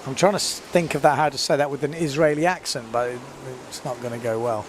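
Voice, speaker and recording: Chatty man commentating live. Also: medium pitch. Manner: chatty, quick to laugh. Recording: faint outdoor noise.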